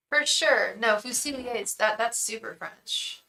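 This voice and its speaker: A woman's voice: a little high, slow pace, few pauses, bright, forceful tone, poor audio. A young woman hosting a live tarot reading, chatting effusively with viewers and thanking them by name.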